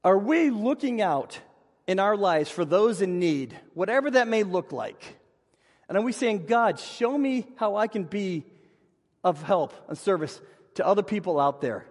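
A man with a high voice preaches from the pulpit, telling funny stories about himself in an animated way. His voice rings out with a long reverb, as in a church sanctuary. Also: measured pace. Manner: animated storyteller, self-deprecating humor. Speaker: pastor. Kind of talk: sermon with personal storytelling.

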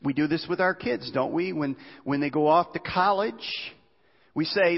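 A man's voice: fairly high pitch, moderate pace, creaky. A man preaching a sermon, spinning a story conversationally and tossing rhetorical questions at the congregation. His voice sits a little above the usual male range. It sounds dull and rings with a long hall reverb.

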